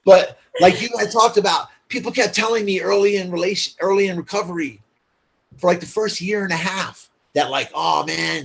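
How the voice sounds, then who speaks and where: A man's voice: high-pitched, normal speed, vocal fry, fairly bright tone, breathy edge. A man as a podcast guest, telling his story in a candid, blunt, profane way, full of "like" fillers.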